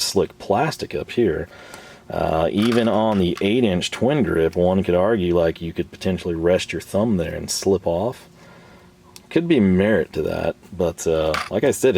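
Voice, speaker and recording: A man with a Texan accent, hoarse from losing his voice, chatting casually and rambling through a hands-on tool review. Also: low voice, darkish tone. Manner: rambling, chatty, laughs often. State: hoarse, recovering from lost voice.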